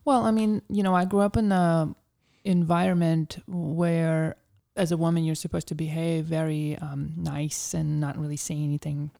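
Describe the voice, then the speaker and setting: Woman guest, dark and mellow tone, casual storyteller, filler-heavy. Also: sits low, level tone, moderate pace, gravelly, few pauses. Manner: chatty storyteller, heavy use of "like". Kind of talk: casual interview conversation.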